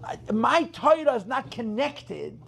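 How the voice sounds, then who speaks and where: Man, rabbi, very gravelly voice, emphatic storytelling, faint background hiss. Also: very high-pitched, big pitch swings, measured pace, fairly bright tone. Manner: emphatic, repeats phrases, mixes in Yiddish terms. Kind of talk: farbrengen storytelling talk.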